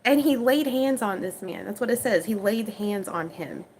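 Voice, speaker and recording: An online Bible reader under forty with an Oklahoma accent reads King James scripture aloud, then retells it in everyday slang and chattily answers her viewers' questions. Her mid-range voice is expressive at normal speed and a little mellow, but the audio is poor, with some hiss or hum.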